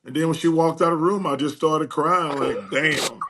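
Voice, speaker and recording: An older man telling stories as a guest in a casual chat, acting out quoted dialogue with lively energy. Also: a little high, a little fast, background noise. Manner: animated, acts out quoted dialogue.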